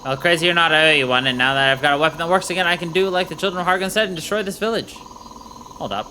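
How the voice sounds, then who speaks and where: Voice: medium pitch, quick pace, sharp tone, slight background noise. A gaming streamer making playful, jokey casual commentary while playing.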